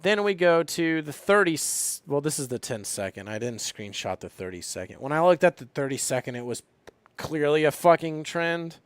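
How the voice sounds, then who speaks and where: A man's voice: a little high, big pitch swings, normal speed, smooth, no echo. A young man live streaming about trading, talking casually and rambling with lots of swearing and fillers. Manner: profane, rambling, frequent fillers.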